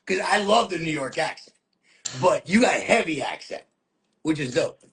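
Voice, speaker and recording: A man hosting a podcast, chatting in an excited, slangy way over a video call. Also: on the high side, moderate pace, breathy edge. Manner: excited, slangy, calls guest bro. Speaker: podcast host. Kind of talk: casual chat.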